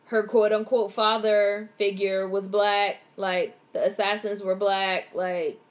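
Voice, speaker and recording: A young woman vlogger reacts live to a movie in a casual, excitable way, swearing freely while narrating the on-screen action. Her voice is medium in pitch and her pace is slow.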